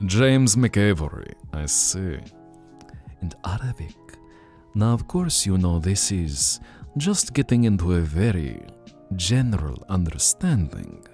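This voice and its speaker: A man's voice: deep voice, sing-song, takes it slowly, a little mellow, faint music behind. A man hosting a casual late-night livestream, chatting playfully and dipping into accents as he talks. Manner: playful, slips into accent bits while musing. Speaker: livestream host.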